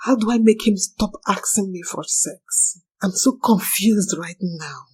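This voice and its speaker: A woman's voice: medium pitch, a little slow, a little mellow, breathy edge. A young woman narrating a personal confession in an earnest, anxious manner.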